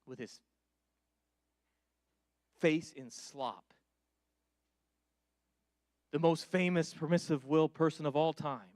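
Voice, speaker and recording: A male pastor preaching a sermon, moving between loud, urgent calls and quiet, low-voiced pleading, with casual asides to the congregation. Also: takes it slowly, long pauses, dry recording, studio quality.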